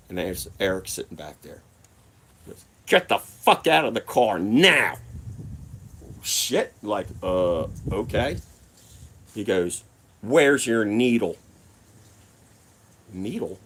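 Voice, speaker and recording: A man's voice: fairly low pitch, slight background noise. A man, casually telling a wild personal story. His telling is profane and rambling, full of acted quotes. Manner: profane, rambling, animated retelling.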